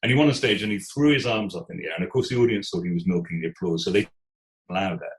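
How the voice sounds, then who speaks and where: A British theatre executive in his sixties telling stories in an interview, animated, often restarting words and quoting voices. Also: low voice, quick pace, roomy sound, low-quality recording. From Britain. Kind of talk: conversational storytelling.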